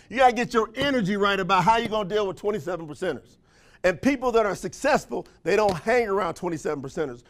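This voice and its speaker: A man giving an energetic motivational speech to a live audience, throwing call-and-response questions to the crowd in folksy, slangy language. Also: high-pitched. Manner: folksy, slangy phrasing with frequent laughs. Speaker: motivational trainer for a sales company.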